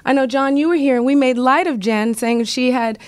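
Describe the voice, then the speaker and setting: A woman's voice: sits high, a little fast, no echo. A woman hosting a radio talk show, bubbly and effusive, a little congested from a cold. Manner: bubbly, effusive, gushing praise. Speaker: radio host.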